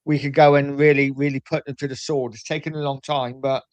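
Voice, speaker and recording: A man's voice: mid-range voice, little pitch movement, brisk, dry recording. A man co-hosting a live football watchalong, chatting in an easygoing way with a few hesitations. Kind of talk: casual football chat.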